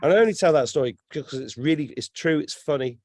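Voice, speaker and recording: Animated, sweary man. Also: fairly high pitch, fast talker, no room sound. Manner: animated storyteller, swears freely. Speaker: guest. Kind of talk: casual podcast chat.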